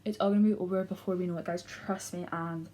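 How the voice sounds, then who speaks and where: A woman's voice: lowish voice, fairly even intonation, fast, mellow. Chatty young Scottish girl vlogging. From Scotland. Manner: chatty, heavy use of "like" fillers. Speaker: YouTuber. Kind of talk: casual vlog chat. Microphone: camera.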